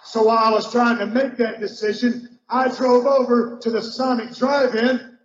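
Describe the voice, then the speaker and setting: A man doing an impression of a brash, loud male wrestler giving a repetitive promo speech. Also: very high voice, little pitch movement, voice pushed up. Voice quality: shouty, repetitive, drawn-out. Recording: echoey, muffled, noisy room.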